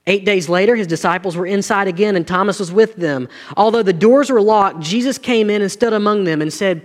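A man's voice: sits high, quick pace, few pauses, big-room sound. A man, preaching a sermon to his congregation with earnest, rising and falling intensity. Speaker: pastor.

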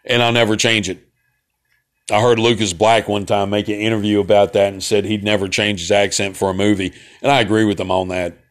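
A man in his forties with a thick central Alabama drawl hosts his own show, chatting in a loose, meandering way. His voice sits fairly low, and he talks folksy and unhurried, full of fillers and side tracks. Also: level tone. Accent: Southern US, central Alabama. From Southern United States. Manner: laid-back, folksy, digressive with many fillers. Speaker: host of a talk broadcast. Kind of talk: casual rambling monologue.

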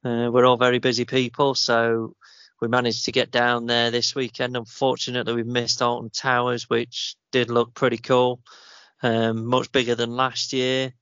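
A man's voice: medium pitch, monotone, moderate pace, fairly bright tone, clean tone, dry recording. A man co-hosting a running podcast, telling a weekend story in a rambling, easygoing way. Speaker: podcast co-host. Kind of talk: casual chat. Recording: slightly dull, dry sound.

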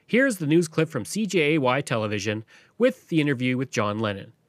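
A man hosting a podcast, narrating history from a script in a lively storytelling way. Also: medium pitch, a little fast, no echo. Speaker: podcast host.

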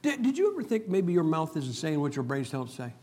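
A man's voice: on the high side, sing-song, fast, dark tone, breathy edge. A man preaching a humorous sermon, telling stories and making emphatic points with jokes. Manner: joking, storytelling, emphatic preacher.

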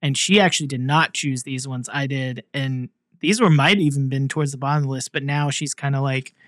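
A man's voice: mid-range voice, fairly even intonation, fairly quick, fairly bright tone, dry recording, clean studio sound. A man talking as a podcast guest in casual chat, rambling and joking with lots of "like"s. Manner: rambling, heavy "like" fillers, jokey.

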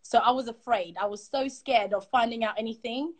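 A young woman telling a personal story as a guest, animated and quick, acting out the voices of others. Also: on the high side. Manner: animated, quick, acts out quotes.

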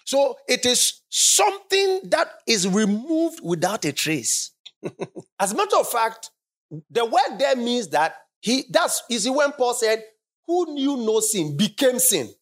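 A preacher delivers a sermon with a lively voice that rises and falls widely, sitting at a middle pitch. The speaker hammers points home by repeating them and asks the congregation to call back. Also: slow. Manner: emphatic, repeats phrases for stress. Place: church service.

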